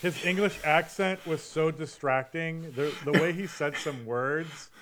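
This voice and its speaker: A man's voice: on the high side, a little slow, noisy background. Guy co-hosting a book podcast, blunt and opinionated, complains a lot. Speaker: podcast co-host. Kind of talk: casual book-review chat.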